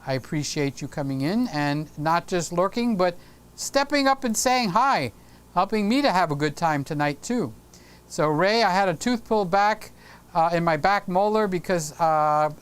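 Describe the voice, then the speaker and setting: A man's voice: a little high, smooth. A middle-aged man hosting a live stream, chatting casually and teasing viewers by name as he reads their comments. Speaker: livestream host.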